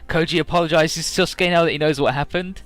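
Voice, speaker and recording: A man casually recapping a game's story as a let's-play commentator, full of fillers and swearing, often jumping into quick mock voices for the characters. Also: a little high, steady tone, a bit bright, soft background music.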